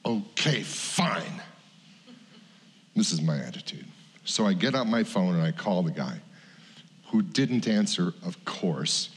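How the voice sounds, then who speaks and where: A man's voice: sits low, lively intonation, moderate pace, husky. A middle-aged male pastor telling a personal story in a sermon, candid and confessional, acting out what people said. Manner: candid, confessional, acts out quotes. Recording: long hall reverb.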